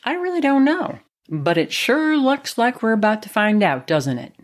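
A woman voicing a mother who answers calmly with dry wit. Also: fairly high pitch, moderate pace, voice pushed up. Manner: calm, dry. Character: calm, dryly witty mother.

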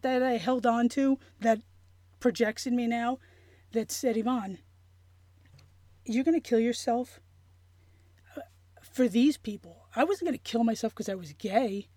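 Halting, earnest woman, mellow voice. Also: a little high, no echo, studio quality. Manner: halting, with many restarts and fillers; earnest and emotional. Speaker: interview guest. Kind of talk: personal story in an interview.

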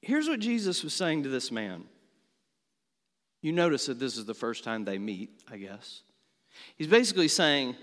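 A man's voice: a little high, big pitch swings, moderate pace, long pauses, fairly bright tone. A man preaching a sermon as a pastor, earnest, building emphasis and asking rhetorical questions. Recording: long reverb of a large hall.

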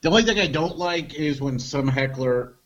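Casual swearing comedian, lo-fi sound. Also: male voice, on the high side, moderate pace, a bit bright. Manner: loose storytelling, swears freely. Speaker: comedy podcast co-host.

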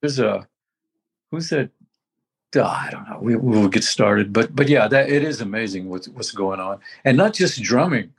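A man's voice: fairly low pitch, expressive, normal speed, creaky, slightly rough. An older man talking casually as a veteran musician, rambling and reminiscing with many restarts. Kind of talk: casual conversation.

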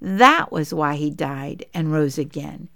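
A woman's voice: low voice, expressive, slow, creaky, a bit bright, no echo, studio quality. A woman teaching a Bible lesson to a women's group, reading scripture aloud in an earnest way and lifting her voice for quoted speech.

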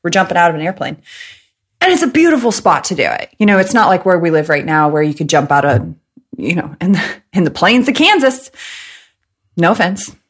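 A woman from the American Midwest, in her thirties, hosts a casual solo podcast. She tells stories in a chatty, joking way. Her voice sits slightly lower than most women's. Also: sing-song, slightly rough. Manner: chatty, jokey, fast talker. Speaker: podcast host.

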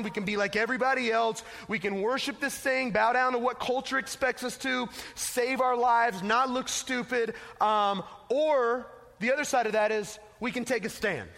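A man's voice: extremely high pitch, gravelly, bright, forceful tone. A man preaching a casual, emphatic sermon to teenagers as a youth pastor, telling a story, in an echoey hall.

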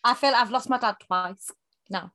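A woman's voice: on the high side, normal speed, bright, forceful tone, no room sound. A woman co-hosting a podcast, recapping a show in casual, sweary, jokey chat and acting out the characters' lines. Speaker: podcast co-host.

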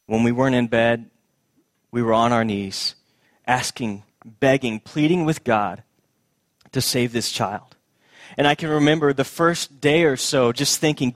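Earnest pastor preaching a sermon, dry close sound. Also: male voice, medium pitch, measured pace, dry recording. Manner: earnest, repeats key phrases for emphasis.

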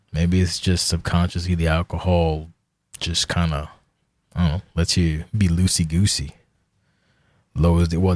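A man's voice: low-pitched, creaky, husky, dry recording. A man in his forties hosting a casual solo podcast, rambling and profane, self-deprecating about himself. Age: 40s. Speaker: podcast host.

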